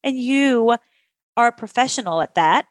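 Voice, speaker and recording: A woman's voice: fairly high pitch, expressive, moderate pace, dry recording, studio quality. A woman from Kentucky with a Kentucky accent, hosting a podcast in a bubbly, gushing way. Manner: bubbly, gushing, laughs often. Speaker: podcast host. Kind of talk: casual interview chat.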